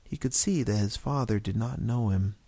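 A man's voice: lowish voice, moderate pace, dark tone, husky, dry recording. A man reading a story aloud, narrating with occasional slips and restarts.

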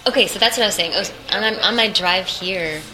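A woman's voice: mid-range voice, fast talker. A young woman voice actress chatting in an interview, rambling and laughing often as she tells her story. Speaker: voice actress guest. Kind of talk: casual interview chat. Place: hotel room at a convention. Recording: noisy room ambience.

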